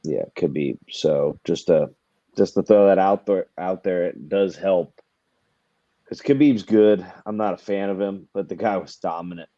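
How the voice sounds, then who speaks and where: A man's voice: sits low, unhurried, dark tone, no room sound, muffled recording. A man co-hosting a podcast, making his case for sports bets in casual chat, emphatic and repeating himself for effect. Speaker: podcast co-host.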